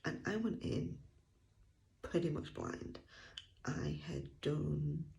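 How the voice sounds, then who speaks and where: A woman's voice: sits low, slow pace, vocal fry, mellow, lo-fi sound. A woman giving a casual audiobook review vlog, chatty and enthusiastic, laughing often and sometimes dropping to a near whisper. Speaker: book reviewer.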